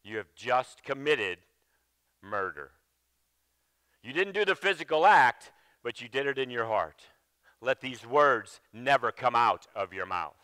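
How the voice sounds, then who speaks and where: A man preaching a sermon at a slow, deliberate pace with a bright, forceful tone. He stresses key words and then drops to a low, quiet voice, repeating phrases as he restarts his thoughts. The sound is dry and close. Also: animated, clear, resonant tone, dry recording. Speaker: pastor. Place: church sanctuary.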